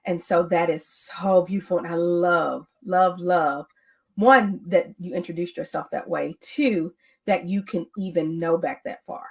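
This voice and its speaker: A woman hosting a talk show who speaks to her guest in an effusive, affirming way, repeating her praise. Her voice sits a little low. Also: measured pace, gravelly, breathy edge. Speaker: host. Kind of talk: casual conversation.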